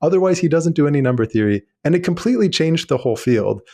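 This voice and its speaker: A man's voice: on the high side, lively intonation, fast talker, warm tone. A man, a guest mathematician, explaining ideas eagerly in casual chat with frequent fillers.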